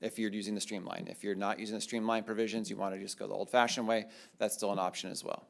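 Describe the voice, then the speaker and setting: Man, lowish voice, city staff, patient explainer, council meeting, some fillers. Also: little pitch movement, quick pace, gravelly.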